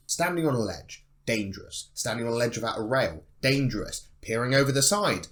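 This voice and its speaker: A man's voice: mid-range voice, big pitch swings, a little fast, a bit bright. A young man talking to the camera in an opinionated monologue, emphatic and sarcastic, with free swearing. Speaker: bodybuilding channel host.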